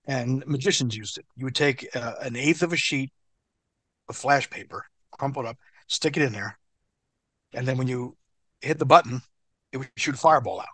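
A man who is a guest in an interview, telling a story in an animated, profane way. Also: medium pitch, moderate pace, pauses often, dry recording.

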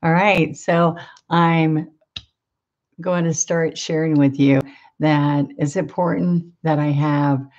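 A woman's voice: low-pitched, little pitch movement, slow, darkish tone, muffled recording. A middle-aged woman with a Southern accent, hosting a live painting lesson in casual chat, greeting viewers by name and laughing often.

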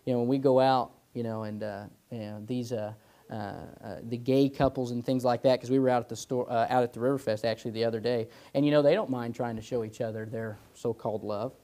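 A young man in his twenties preaching in an easygoing, conversational way, with a voice of ordinary middle pitch. He drifts into stories from his own life and keeps tossing in "amen" and "you know" between points. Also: steady tone, fairly quick, dark tone. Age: 20s. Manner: chatty, tells personal stories, peppers lines with "amen" and "you know". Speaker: pastor teaching Sunday school. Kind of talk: informal Sunday school preaching.

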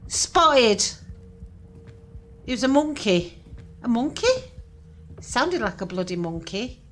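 A woman's voice: fairly high pitch, sing-song, slow pace, fairly bright tone, a little hiss or hum. Jumpy woman gaming. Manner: jumpy, nervous, swears and laughs at frights. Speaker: gaming channel host. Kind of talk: horror game let's play commentary.

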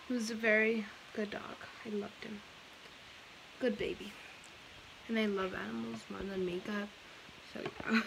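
A teenage girl rambles casually in a home vlog, her high-leaning voice carrying some vocal fry. She fills her talk with fillers and frequent restarts, and the home recording is noisy.

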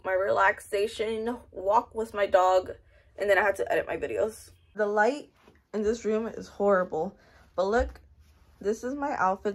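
A young woman in her twenties talking through her day in a casual vlog, candid and full of slang and swearing. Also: medium pitch. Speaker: vlogger.

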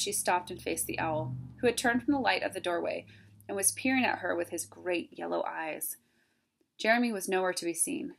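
A woman, a teacher, reading a chapter book aloud in a plain, steady way. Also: on the low side, creaky, a little hiss or hum. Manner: plain, steady reading with some self-corrections.

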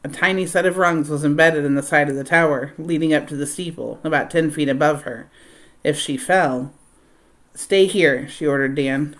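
A woman reading a children's adventure novel aloud in a steady storytelling voice. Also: brisk. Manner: steady storytelling, voicing dialogue with raised pitch and volume. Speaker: reader of a novel.

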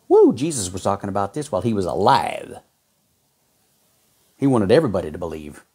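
Fervent husky-voiced man preaching. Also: big pitch swings, a little fast, pauses often, darkish tone. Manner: fervent, exhorting, reads scripture aloud with sudden pitch jumps; folksy, says y'all and man. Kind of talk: sermon.

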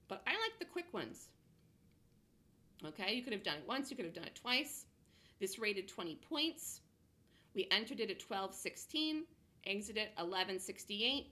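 A woman coaching day traders over a chart walkthrough, blunt and emphatic, punctuating her points with "boom". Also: pushed and bright. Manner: emphatic, punchy with "boom" interjections; blunt, self-assured. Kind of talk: screen-share trading lesson.

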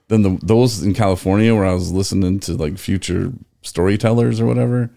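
A deep-voiced man with a gravelly, fry-heavy edge hosts a podcast in loose casual chat. He rambles through stories and slips into the voices of the people he quotes. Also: fast, hardly any pauses. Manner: rambling, animated retelling with acted-out quotes. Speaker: podcast host.

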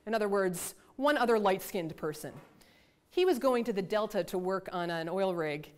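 A middle-aged woman researcher giving a lecture, telling her field story in an animated, self-deprecating way with asides. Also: medium pitch, normal speed. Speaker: environmental researcher giving a talk. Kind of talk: lecture with a personal anecdote.

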